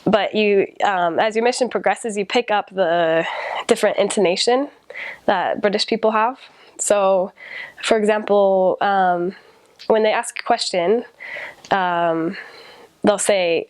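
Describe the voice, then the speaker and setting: A young American woman who served as a missionary casually recalls her time abroad, with lots of ums and restarts. Her medium-pitched voice is clean and echo-free, delivered at a measured pace.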